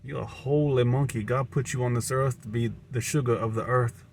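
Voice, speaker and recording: A man's voice: mid-range voice, fairly even intonation, fairly quick, darkish tone, a little hiss or hum. Rambling Southern American man. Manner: musing, repeats and restarts words. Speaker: vlogger. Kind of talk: rambling stream-of-consciousness monologue.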